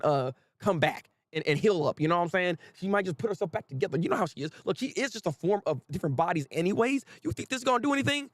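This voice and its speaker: Animated, gravelly-voiced man reacting live. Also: high-pitched, dry recording, clean studio sound. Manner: animated, joking, frequent laughter and restarts. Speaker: manga reaction host.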